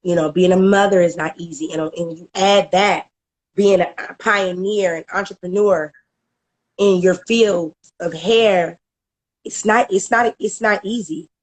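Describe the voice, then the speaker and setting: A woman's voice: on the low side, steady tone, a little slow. A middle-aged woman, giving a candid personal testimonial about a coaching program, often repeating words and laughing as she goes.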